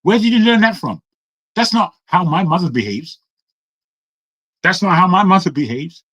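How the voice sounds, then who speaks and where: A man from England speaking in an online discussion, defiant and forceful, firing heated rhetorical questions. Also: fairly high pitch, no room sound, poor audio. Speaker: audience speaker. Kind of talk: impassioned talk on an online call.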